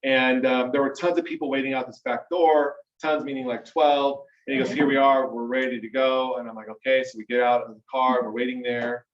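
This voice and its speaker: Speaking fairly quickly with few pauses and fairly even intonation, this medium-pitched man addresses a small group in a meeting room as a mastermind speaker. The recording is roomy, distant and dull-sounding; he tells his story casually and with animation, often tossing in "right?" and "okay?".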